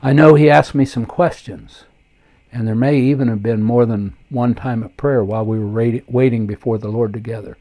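Older man, pastor, earnest memoir reading, reflective, warm dark tone. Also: medium pitch, steady tone, normal speed. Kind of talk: reading his own memoir aloud.

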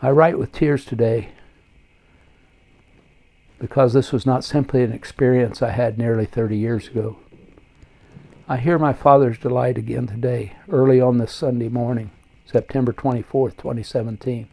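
Gravelly older man reading his memoir. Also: medium pitch, fairly even intonation, moderate pace, long pauses, warm tone. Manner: earnest, reflective reading. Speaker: pastor.

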